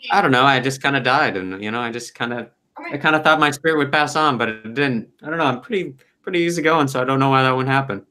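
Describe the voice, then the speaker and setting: A man's voice: medium pitch, quick pace, bright, forceful tone, pitched above the performer's own voice, lightly acted. A man voicing the easygoing ghost of a tiefling mentor, casual and unbothered. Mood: relaxed.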